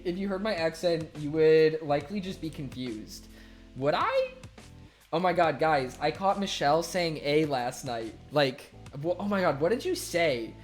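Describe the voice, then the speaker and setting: A man's voice: fairly high pitch, big pitch swings, a little slow. A young man streaming live, reading viewer messages aloud and chatting casually, laughing often and swearing freely. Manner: laughs often, loose and swearing, voice swings from loud to mumbled. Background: faint music.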